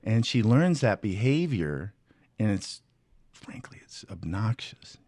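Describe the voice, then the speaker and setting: A man's voice: fairly low pitch, takes it slowly, no echo. A middle-aged man chatting as a guest, telling stories and acting out quotes in a raised voice. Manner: animated storyteller, acts out quotes in a raised voice. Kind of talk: casual chat.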